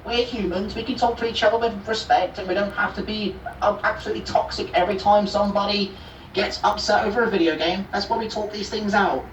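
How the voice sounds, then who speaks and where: Guy talkin fast and earnest on game chat, sounds far off and echoey, muffled. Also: high voice, fairly even intonation, a little hiss or hum. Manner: earnest, quick, persuasive. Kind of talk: pleading talk in game voice chat. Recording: roomy, distant, dull in-game voice chat capture.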